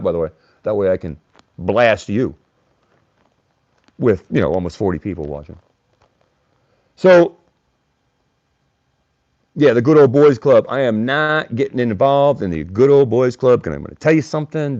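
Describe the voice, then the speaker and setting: A man's voice: lowish voice, darkish tone, dry recording, lo-fi sound. A man hosting a live stream, talking bluntly and combatively while reading and answering chat comments. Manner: blunt, combative, mocks chatters by name. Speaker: livestream host.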